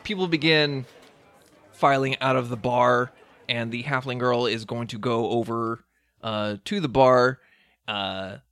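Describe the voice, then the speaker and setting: Relaxed man running a tabletop game. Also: mid-range voice, no echo, clean studio sound. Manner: relaxed, hesitant with many ums. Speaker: dungeon master.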